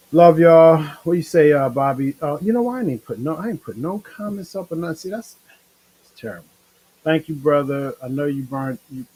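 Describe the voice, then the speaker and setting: Man, tired, husky, rambling, slangy, casual stream host. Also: mid-range voice, a little mellow, poor audio. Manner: rambling, laid-back, slangy with many fillers. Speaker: show host. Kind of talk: casual live-stream chat.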